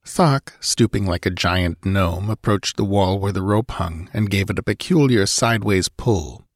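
A man narrating a story in a steady, dramatic reading style. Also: low-pitched, a little slow, no echo, studio quality. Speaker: audiobook narrator. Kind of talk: scripted narration.

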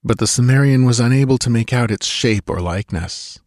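A man narrating a sword-and-sorcery audiobook in a measured, steady storytelling manner. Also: mid-range voice, no echo, studio quality. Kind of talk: scripted narration.

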